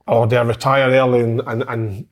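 A man's voice: mid-range voice, little pitch movement. Reflective Scottish man in his thirties. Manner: reflective, unhurried storytelling with swearing. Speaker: former footballer, podcast regular. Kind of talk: casual chat.

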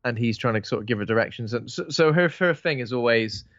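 A man's voice: mid-range voice, expressive, fast talker, a bit bright, dry recording. Casting: male co-host, loose sweary film chat, dry muffled mic. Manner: rambling, swears freely, acts out lines. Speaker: podcast co-host. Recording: dull dry lo-fi sound.

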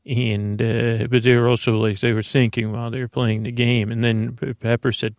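A man telling a bedtime story, wandering from thought to thought with plenty of uhs and false starts. His voice is gravelly, with a dry, close sound and no room around it. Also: medium pitch, level tone, moderate pace, hardly any pauses, a little mellow, no echo. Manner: rambling, meandering, full of uhs and restarts. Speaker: storyteller host.

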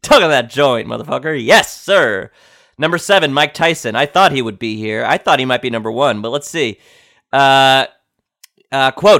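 Lively bright-voiced man reading quotes. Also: medium pitch, measured pace, gravelly. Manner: incredulous, swears and reacts loudly. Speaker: podcast host. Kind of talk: casual reading with reactions.

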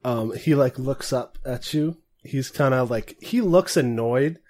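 A relaxed man running a tabletop game, painting each character with loose, filler-filled description. His voice sits in an ordinary middle range. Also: medium pitch, measured pace. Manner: easygoing, descriptive, many fillers. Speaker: game master.

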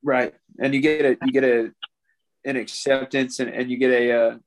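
A young podcast guest with a medium-pitched voice speaks flatly at a moderate pace. He's candid and earnest about something painful, clearly emotional, and often refers to people as "man."

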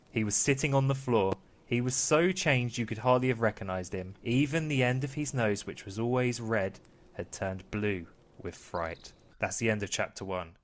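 Brief: young male host, mid-pitched, doing a jokey bedtime read-along, gentle and teasing. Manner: mock-soothing, playful storyteller voice. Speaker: podcast host reading aloud. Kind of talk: comic bedtime-story reading.

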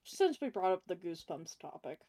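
A woman's voice: on the low side, sing-song, a little fast, dark tone. A woman in casual chat with friends, thinking aloud and searching for her words.

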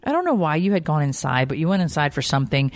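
A woman's voice: low voice, fast, no room sound. Chatty woman podcast host, casual storyteller, dry close sound. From Georgia, US. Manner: chatty storyteller, lively quoted voices. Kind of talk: casual chat.

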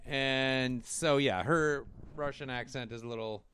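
A man's voice: medium pitch, a little slow, fairly bright tone, slight background noise. A man co-hosting a casual chat, rambling wryly through a movie plot with lots of fillers and mock quotes. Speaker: podcast co-host reviewing a movie.

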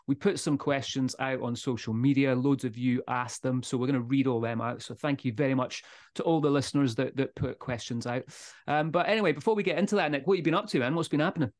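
Energetic Scottish man hosting a podcast. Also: mid-range voice, fast talker. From Scotland. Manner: energetic, swearing, laughs often. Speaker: podcast host. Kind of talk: casual podcast chat. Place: Speyside, Scotland.

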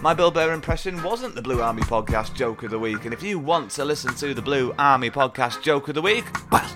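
A man's voice: mid-range voice, animated, a little fast, music in the background. Chatty man hosting a podcast. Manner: jokey, chatty, rambling. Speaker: podcast host. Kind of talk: casual podcast chat.

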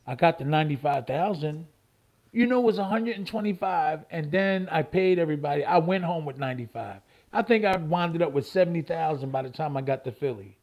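Man, interviewee, acts out calls, lively pitch swings. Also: fairly quick. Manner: re-enacts phone calls, repeats himself. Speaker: interviewee, former boxing champion. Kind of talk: animated storytelling in an interview.

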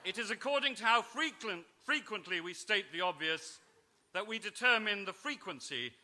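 Bright-voiced man reading comic parodies. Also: high voice, animated. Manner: dry, brisk and self-mocking, with small hesitations. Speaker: author reading at a literary festival. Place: festival stage before an audience.

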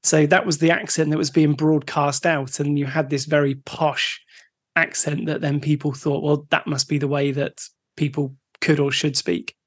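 Man with a slightly higher voice. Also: level tone, normal speed. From United Kingdom. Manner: steers the talk, asks the questions. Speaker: podcast co-host. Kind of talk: casual podcast chat.

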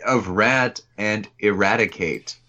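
A man's voice: on the low side, slow, bright, forceful tone, dull audio. A man co-hosting a casual podcast, playfully reading out trivia with fillers. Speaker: podcast co-host.

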